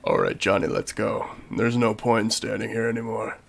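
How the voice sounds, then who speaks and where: A man voicing an old grandmother in a comically deep, gruff voice, sounding resigned. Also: huge pitch swings, moderate pace, exaggerated voice.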